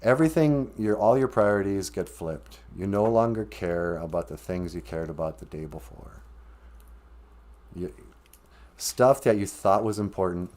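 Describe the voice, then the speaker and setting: A deep-voiced man with a darkish tone hosts a live stream from home, speaking at a normal pace. His talk is casual, candid and rambling, full of asides that cut into his own sentences.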